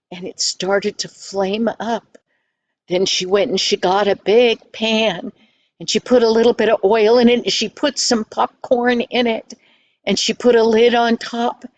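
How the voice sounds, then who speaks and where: An older woman narrating a children's story in a gentle, homely manner. She takes her time, and her voice sits a little high. The sound is close and dry, with no room echo.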